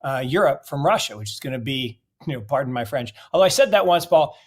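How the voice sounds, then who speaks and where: A man's voice: mid-range voice, animated, quick pace, husky. A middle-aged man from the United States answering interview questions in a blunt, emphatic way, often asking rhetorical questions. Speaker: investment guest.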